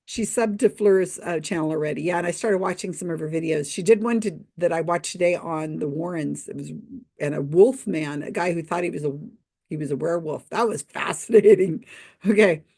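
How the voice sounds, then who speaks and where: Chatty, skeptical woman with a low voice. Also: brisk, mellow. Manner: chatty and skeptical, with frequent laughs and asides. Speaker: host of a livestream commentary show. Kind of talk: casual livestream commentary reading chat comments.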